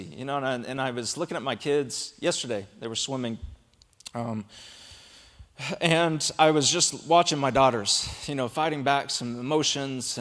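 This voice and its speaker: A man's voice: mid-range voice, fairly bright tone. A man in his thirties, a pastor, delivering an earnest, emphatic sermon. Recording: long reverb of a large hall.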